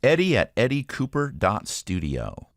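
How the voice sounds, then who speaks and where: A man being interviewed as a guest, answering in a friendly, relaxed way. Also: medium pitch, normal speed, no room sound, studio quality. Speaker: guest voice actor.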